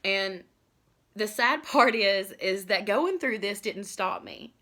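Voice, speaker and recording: A woman's voice: medium pitch, animated, takes it slowly, pushed and bright. Rambling, confessional woman vlogger. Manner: rambling, filled with "like" and "you know"; earnest and confessional. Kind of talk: candid personal storytelling to camera.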